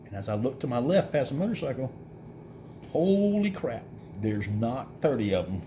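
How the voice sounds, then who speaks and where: A middle-aged man with a drawl tells a story in a relaxed, chatty way. His voice sits at an ordinary middle pitch, and he jumps into the other characters' lines as he goes. A faint hiss runs under the recording. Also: a little fast. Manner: animated storyteller, acts out quoted voices, laughs through it. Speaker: vlogger. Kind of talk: casual storytelling.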